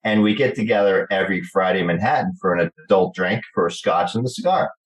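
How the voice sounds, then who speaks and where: A middle-aged man with a New Jersey accent, telling lively stories in an interview and acting out the people in them. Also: low voice, quick pace, poor audio. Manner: animated storyteller acting out quoted voices. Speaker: guest actor. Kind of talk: storytelling interview chat.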